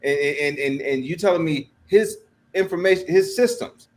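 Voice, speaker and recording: A man's voice: on the high side, moderate pace. A man co-hosting a comedy politics podcast, ranting in exasperation. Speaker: podcast co-host.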